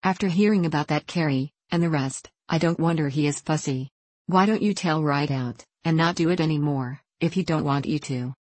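A frank, well-mannered young country girl who says what she thinks, as a woman reads her. Her voice is low and earnest, recorded close and dry. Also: moderate pace, darkish tone, dry recording. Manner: plain-spoken and earnest.

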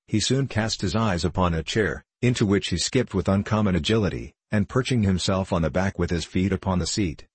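Casting: low, husky-voiced man narrating a classic novel, dry close sound. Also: no room sound. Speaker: audiobook narrator.

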